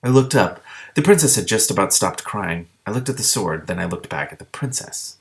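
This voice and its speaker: A man reading a novel aloud with his own asides, steady, with small slips that he corrects. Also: on the low side, a little fast. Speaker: book reader.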